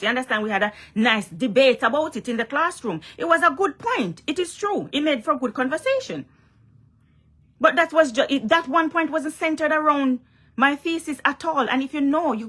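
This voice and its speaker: A young Jamaican woman vlogging in a loose, emphatic way, circling back to her points and pressing the listener with questions. Her voice sits somewhat high for a woman. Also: a bit bright. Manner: emphatic, repeats herself, asks "you understand?". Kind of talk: casual direct-to-camera vlog rant.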